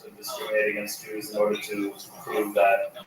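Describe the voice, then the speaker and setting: A man speaks up in class with a hesitant, flat, low voice. He is heard from far off in a very echoey room, with the hum of people around. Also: moderate pace. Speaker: student. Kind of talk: asking a question in class. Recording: echoey, distant, crowd behind.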